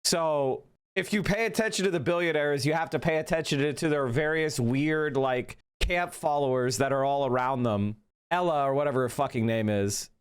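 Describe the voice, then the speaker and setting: A man's voice: a little high, moderate pace, smooth. A man giving casual political commentary, rambling with many fillers and hesitations.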